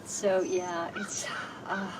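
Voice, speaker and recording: A woman, a homeowner, telling her own story in an expressive, animated way, recorded outdoors on a porch. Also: mid-range voice, very slow. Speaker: housing program homeowner. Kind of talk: personal storytelling. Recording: distant mic with background noise.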